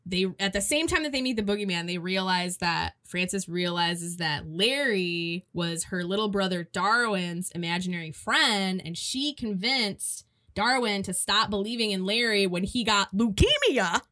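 Bright, animated young woman. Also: mid-range voice, normal speed. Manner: animated, laughing, with frequent fillers. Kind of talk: casual chat, recapping a movie.

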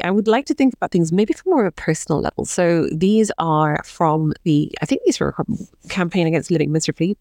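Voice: mid-range voice, gravelly, darkish tone, dry recording, studio quality. A podcast host talking solo in a chatty, self-deprecating way, with plenty of ums.

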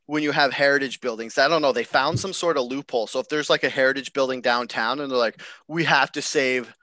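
A man's voice: mid-range voice, fast talker, sharp tone, no echo. A man from Canada co-hosting a podcast, joking and teasing in casual banter. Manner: joking, teasing, laughs often. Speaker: podcast co-host.

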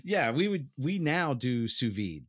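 A man's voice: mid-range voice, big pitch swings, a little slow, fairly bright tone, no echo, studio quality. A middle-aged man, a podcast co-host from New Orleans, chatting casually and laughing as he tells stories. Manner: laughs often, storytelling. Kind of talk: casual chat.

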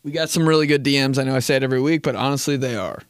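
A man's voice: mid-range voice, rapid-fire, clean tone, no room sound, clean studio sound. A young man hosting a casual comedy podcast, rambling with frequent laughs, swearing and bursts of silly put-on voices. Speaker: podcast host.

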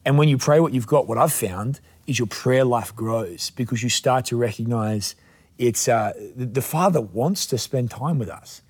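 A young man hosts a podcast conversation in an even, mid-range voice. He speaks reflectively and from the heart. He pauses and restarts as he gathers his thoughts. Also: medium pitch, husky. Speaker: podcast host and pastor. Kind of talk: casual conversational interview.

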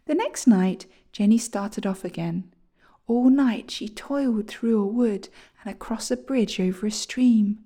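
A woman reading a children's storybook aloud, gentle and often near a whisper. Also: medium pitch, unhurried.

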